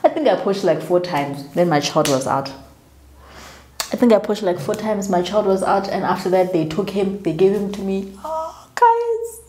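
A young South African woman telling a personal story in a chatty, animated way, acting out what others said. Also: mid-range voice, moderate pace, a little hiss or hum. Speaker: vlogger. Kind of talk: casual storytelling. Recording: echoey room.

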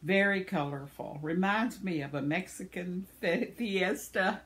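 Slow-talking older woman chatting with viewers. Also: lowish voice, lively intonation, fairly bright tone. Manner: chatty and tender, laughs often, stumbles over names. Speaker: channel host. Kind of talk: casual chat reading viewer comments.

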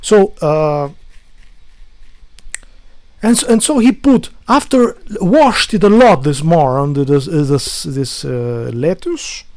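A man's voice: on the high side, animated, slow, darkish tone. A man speaking English as a second language vents to his audience about a housemate. He sounds fed up, swears freely and keeps restarting his sentences. His talk is loose and unscripted, like a video diary. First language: not English. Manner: exasperated ranting, swears often, restarts a lot. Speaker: vlogger. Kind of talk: casual rant to camera.

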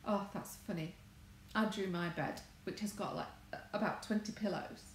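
A woman's voice: mid-range voice, moderate pace. An English woman from England rambling in casual livestream chat, wandering and correcting herself as she talks from her home. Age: adult, married. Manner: chatty, wandering, self-correcting. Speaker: crafts vlogger. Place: home conservatory. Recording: echoey room, faint background noise.

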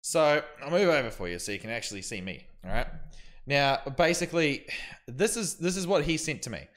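A man's voice: on the high side, animated, brisk, fairly bright tone. Aussie streamer, young man, talky commentary recap, filler-heavy. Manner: rambling, filler-heavy storytelling.

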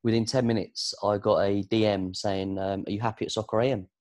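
Chatty low-voiced British man storytelling. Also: a little fast. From Britain. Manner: chatty, animated storytelling with frequent fillers. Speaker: podcast guest, sports producer and presenter. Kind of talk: casual conversational interview.

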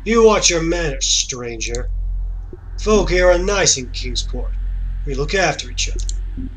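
A man voicing a stern, gruff male tavern barman who looks out for his town. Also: a little high, animated, measured pace, low-quality recording. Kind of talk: game voice acting.

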